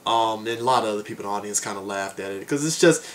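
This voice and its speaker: A man's voice: fairly low pitch, rapid-fire. A man giving a casual film review, rambling with frequent fillers and asides. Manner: rambling, many fillers like "and stuff" and "um". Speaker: movie reviewer.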